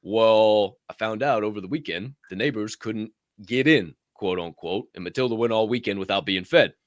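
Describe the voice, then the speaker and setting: A man's voice: moderate pace, no echo, studio quality. A man co-hosting a casual motivational talk show, telling a story in a profane, emphatic way. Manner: profane, emphatic storytelling with big pitch swings. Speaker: podcast co-host.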